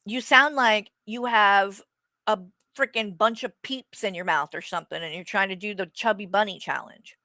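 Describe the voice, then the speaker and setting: A woman's voice: mid-range voice, normal speed, sharp tone, no echo. A woman streamer ranting casually to her viewers in a blunt, sarcastic way and swearing freely. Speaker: streamer host.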